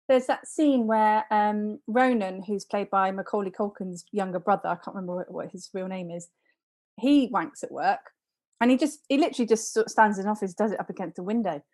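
A woman joins a casual chat as a guest, talking frankly and giggling between remarks. Her voice is of middle pitch and relaxed. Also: a little fast.

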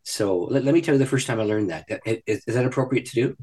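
A man who is a guest on a podcast, telling a personal story in an animated way and laughing often. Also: medium pitch, fast talker. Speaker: podcast guest, ministry leader. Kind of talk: storytelling in a conversation. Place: podcast recording.

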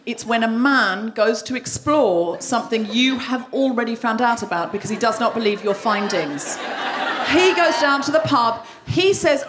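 A woman's voice: on the high side, moderate pace, a bit bright. A woman hosting a live comedy podcast, telling a self-mocking story and acting out her own outbursts before an audience.

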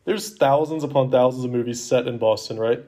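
A man's voice: mid-range voice, fairly quick, warm tone. A young man with a mid-range voice co-hosts a casual movie podcast. He is upbeat and teasing, and he leads the talk with easy confidence. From Asheville area. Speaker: podcast co-host.

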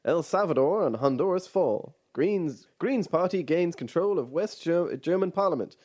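Old-timey radio newsreader played by a man, high and loud, clipped headline delivery. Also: lively intonation, normal speed. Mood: announcing. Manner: announcing bulletins in clipped headlines.

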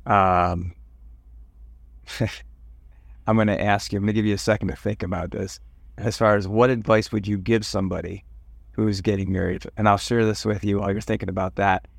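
A man from Cleveland hosting a podcast interview, asking questions and telling his own stories in a chatty, animated way. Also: on the low side, moderate pace, gravelly, long pauses, dry recording. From Cleveland, USA. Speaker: podcast host. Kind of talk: interview with personal anecdotes.

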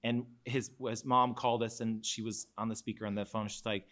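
A man from Seattle telling a personal story in a live podcast conversation, relaxed and quick to laugh. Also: fairly low pitch.

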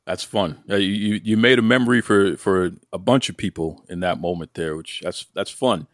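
A man's voice: sits low, moderate pace, dry recording, studio quality. Playful man hosting a wrestling podcast. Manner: enthusiastic, playful, teasing questions. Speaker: podcast host. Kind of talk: podcast interview.

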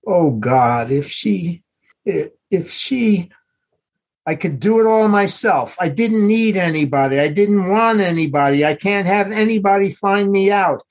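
Frantic, self-reproaching dad hunting for his lost child, husky voice raised in pleading, read out by a man. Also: high voice, expressive, measured pace, heavily acted. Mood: anguished. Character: frantic middle-aged father searching for his lost daughter. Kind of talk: dramatic reading of a novel.

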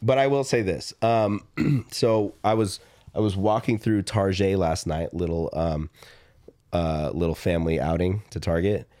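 Deep-voiced man telling a story. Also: a little slow, no echo. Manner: animated, acts out quoted dialogue, frequent fillers. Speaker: podcast co-host. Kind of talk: casual storytelling chat.

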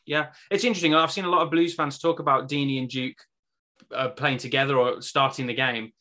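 A man's voice: medium pitch, fairly even intonation, a little fast, bright, forceful tone. A young man co-hosting a casual fan podcast, chatty and a little hesitant. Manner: chatty, hesitant, laughs easily. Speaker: podcast co-host.

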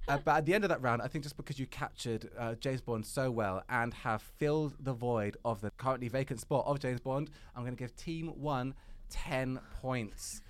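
A man's voice: mid-range voice, moderate pace. A man hosting a comedy podcast, reading stage directions and scoring rounds in an upbeat, jokey way. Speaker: podcast host and quizmaster.

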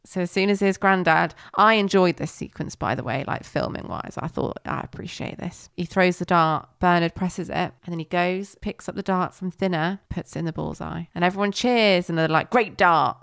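Woman, podcast co-host, casual episode recap, acts out lines, gravelly fry, dry close sound. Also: on the low side, a little fast, few pauses, a bit bright, dry recording. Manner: chatty storyteller, acts out character lines.

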